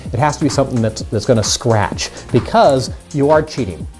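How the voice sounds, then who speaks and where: A man's voice: mid-range voice, lively intonation, normal speed, a little mellow, faint music behind. A man teaching mind reading magic tricks in a casual, upbeat tutorial, chatting straight to the viewers.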